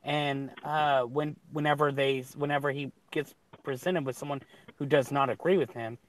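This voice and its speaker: A man chatting casually on a livestream, telling a rambling, animated story full of restarts. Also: medium pitch, normal speed, slight background noise. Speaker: guest on a livestream hangout. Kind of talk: casual chat.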